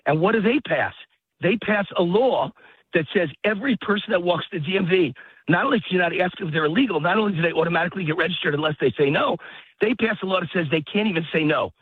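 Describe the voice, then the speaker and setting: A high-voiced man on a tinny phone line, husky and short of breath as he walks outdoors. He rants emphatically, hammering points over and over in a dry, close sound. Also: fast, no echo. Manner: emphatic, heated, repetitive ranting. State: out of breath while walking a dog. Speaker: guest commentator. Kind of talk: phone-in political talk. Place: outdoors in a park.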